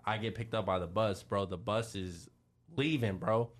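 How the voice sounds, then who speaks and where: A man's voice: fairly low pitch, fairly even intonation, normal speed. A young man co-hosting a casual podcast, telling a story in heavy slang and acting out the voices. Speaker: podcast co-host.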